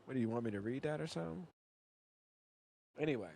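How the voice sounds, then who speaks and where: A man co-hosting a casual podcast, loud and profane, mock-outraged and tripping over his words. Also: mid-range voice, expressive, fast, vocal fry. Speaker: podcast co-host.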